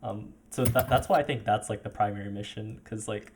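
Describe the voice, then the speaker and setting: A man's voice: lowish voice, fairly quick, crowd noise. A man coaching a player over a voice call, talking casually with many fillers and restarts.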